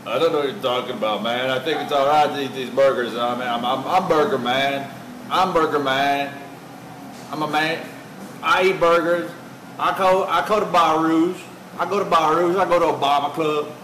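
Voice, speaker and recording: A man's voice: fairly high pitch, normal speed, a bit bright, close to an everyday voice. A man playing a defiant, laid-back burger lover who rambles in a casual, stubborn way. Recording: echoey room with faint noise.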